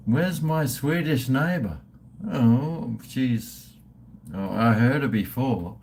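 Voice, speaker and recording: Slow-talking crude Australian man in his fifties. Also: medium pitch, expressive, darkish tone, slight background noise. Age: 50s. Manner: crude, joking, swearing; drinking and toasting viewers. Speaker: livestream host. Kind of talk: casual live-stream chat.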